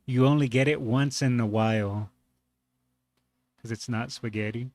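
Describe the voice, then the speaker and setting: A man with a mid-range voice reacts to a clip, musing aloud in a relaxed, easygoing way and laughing often. The recording is close and dry, with no room sound. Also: mid-range voice, measured pace, no echo. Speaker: reaction video host. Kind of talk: casual reaction commentary.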